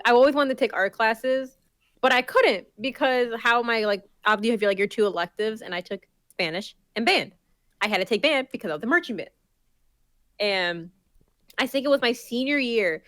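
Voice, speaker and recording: A woman's voice: medium pitch, fairly bright tone, dry recording. A young woman in casual chat as a podcast co-host, telling a story full of swearing and acting out the people she quotes.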